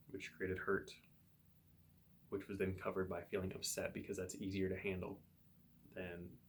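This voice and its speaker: A man, a psychotherapist hosting his own show, thinking aloud in a relaxed solo monologue with everyday examples. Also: low voice, gravelly. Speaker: psychotherapist podcast host.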